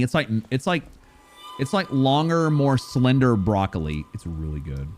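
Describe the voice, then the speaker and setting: A man streaming a video game live, chatting playfully and rambling, sometimes loud and sometimes mumbling. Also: medium pitch. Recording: faint music behind the voice.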